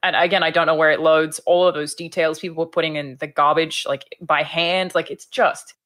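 A woman co-hosting a casual podcast, chatting excitedly with plenty of fillers. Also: low voice, a little fast. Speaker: co-host.

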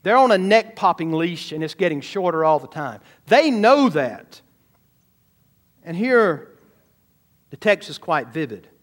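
A man preaching from the pulpit in a high, lively voice. He swings from quiet asides to sudden loud bursts, addressing the congregation directly. His delivery is animated and conversational. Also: a little slow, long pauses. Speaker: pastor. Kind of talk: sermon.

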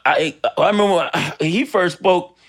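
Man from los angeles, podcast guest, casual chat, halting speech, lots of fillers. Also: high voice, slight background noise. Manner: halting, with many fillers and restarts. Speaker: guest actor and comedian.

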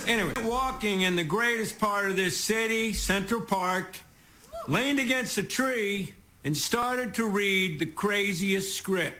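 A man's voice: high voice, unhurried, bright, forceful tone. A man from Texas giving a rambling, self-mocking stand-up monologue as a TV guest host on stage, chuckling through his punchlines. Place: TV studio stage with a live audience. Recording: noisy broadcast clip with audience laughter.

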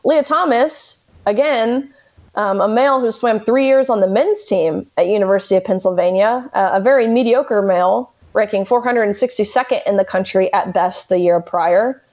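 A woman's voice: mid-range voice, moderate pace, a little mellow. Indignant young woman, muffled audio. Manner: indignant, emphatic. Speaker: interview guest. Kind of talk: conversational interview.

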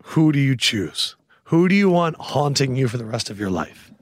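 A man's voice: mid-range voice, sing-song, normal speed. A man hosting a sports podcast, asking teasing questions in casual chat. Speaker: podcast host.

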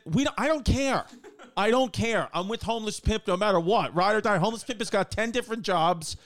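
A man hosting a casual comedy show from his living room, rambling and joking with quick asides. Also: high voice, fairly bright tone, dry recording. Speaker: podcast host.

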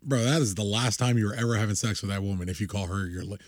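A young man co-hosting a podcast in casual chat, rambling and excitable, laughing often. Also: on the low side, rapid-fire, no echo, studio quality. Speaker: podcast co-host.

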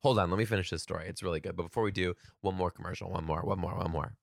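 A man, a teacher, chatting casually with viewers as he tells a story in an animated way, swearing now and then. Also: deep voice, very fast, creaky, dry recording, clean studio sound.

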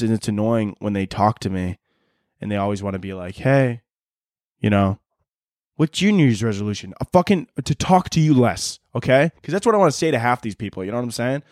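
A man's voice: fairly low pitch, brisk, darkish tone, no echo, clean studio sound. A young man hosting a podcast on his own, ranting sarcastically with lots of swearing. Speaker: podcast host. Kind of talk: solo comedic rant.

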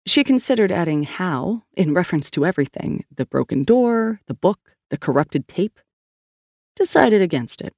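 A woman's voice: lowish voice, very animated, normal speed, a little mellow, slightly rough, no room sound, studio quality. A woman narrating a novel in clipped, terse scripted storytelling. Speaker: audiobook narrator.

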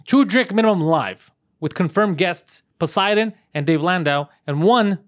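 A man's voice: high voice, lively intonation, moderate pace, no room sound, studio quality. A man co-hosting a podcast, reading news aloud in loose, joking banter and swearing freely. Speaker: podcast co-host.

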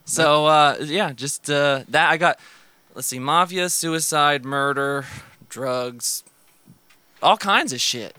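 Guy rambling through family stories, lots of "like" and "uh", crisp voice, dry sound. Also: a little high, takes it slowly, pushed and bright, no room sound. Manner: rambling, laughing storyteller with frequent fillers. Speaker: guest. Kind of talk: casual storytelling on a podcast.

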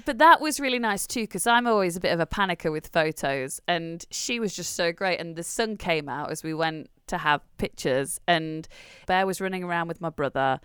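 A woman's voice: fairly low pitch, lively intonation, moderate pace, few pauses, fairly bright tone, smooth, dry recording, clean studio sound. A young woman, co-hosting a podcast in casual chat and telling stories with lots of giggles. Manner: chatty, giggly storytelling. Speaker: podcast co-host.

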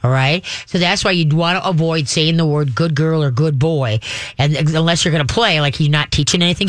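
A man hosting a call-in radio show as a dog trainer, animated and acting out little voices for dogs and owners. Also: fairly quick, dry recording. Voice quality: says he has a deep voice. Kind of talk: call-in advice talk.

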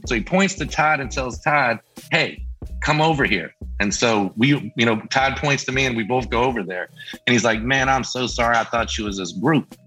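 A middle-aged man spins a story in a casual chat and jumps into the voices of the people he quotes. His tone is bright and forceful with a husky edge, and faint music plays behind him. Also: mid-range voice, moderate pace, rough recording. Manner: lively, acts out quoted voices. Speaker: band member guest.

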